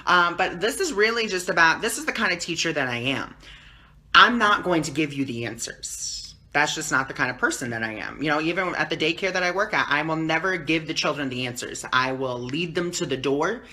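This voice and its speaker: A man talking calmly and teacherly on a live stream as a spiritual teacher, answering viewer comments and often checking in with "okay?". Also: a little high, a little fast. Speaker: spiritual teacher and card reader.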